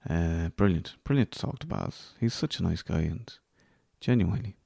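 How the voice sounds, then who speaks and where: A man's voice: low voice, lively intonation, normal speed, creaky, dark tone, breathy edge, no room sound, studio quality. An Irish man hosting a podcast, signing off in a rambling, self-deprecating way that trails off into near-whispers. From Ireland. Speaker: podcast host. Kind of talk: casual solo podcast sign-off.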